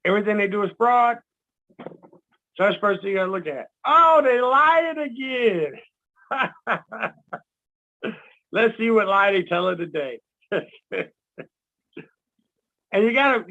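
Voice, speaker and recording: High gravelly man, lo-fi sound. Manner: animated, acts out quotes, laughs at own jokes. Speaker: guest speaker. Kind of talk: casual teaching talk. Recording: dull lo-fi sound.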